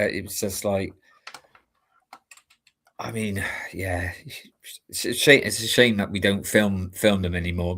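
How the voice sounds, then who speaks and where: A low-pitched man from the UK talking casually on a live stream. He rambles in a chummy way, restarting sentences and filling gaps with "um" and "like". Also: a bit bright. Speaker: show host and amateur stage actor. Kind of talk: casual chat.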